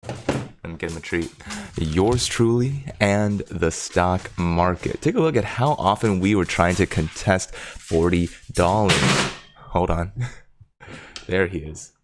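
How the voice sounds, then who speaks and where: A man with a gravelly voice hosting a casual stock market livestream from his home desk, chatting, reading viewer comments aloud and talking to his dog. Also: deep voice, slow pace, slight background noise. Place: home desk in Silicon Valley.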